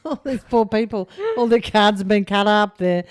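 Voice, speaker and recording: A woman's voice: mid-range voice, steady tone, moderate pace, smooth. An Australian woman co-hosting a casual true crime podcast, joking and swearing in banter. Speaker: podcast co-host.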